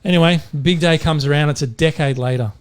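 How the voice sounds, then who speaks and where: A middle-aged Australian man with a voice a bit higher than most men's, rambling through dad jokes with lots of ums. He talks in a casual podcast chat. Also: fast. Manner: jokey, rambling with fillers. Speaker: podcast co-host.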